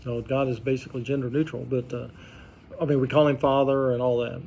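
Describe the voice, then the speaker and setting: A pastor leading an informal Bible study, talking conversationally and quizzing the group with questions. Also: male voice, mid-range voice, little pitch movement, fairly quick, vocal fry, mellow, slight background noise. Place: church study group room.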